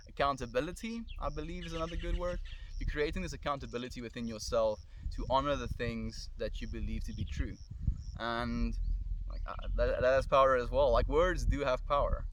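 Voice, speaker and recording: A man's voice: mid-range voice, a little hiss or hum. A man with a South African accent, musing aloud in a loose, thoughtful livestream monologue, recorded outdoors on a camera mic. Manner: musing, loose and thoughtful, drifting between ideas. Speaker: streamer. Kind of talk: casual reflective livestream monologue. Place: outdoors in the country.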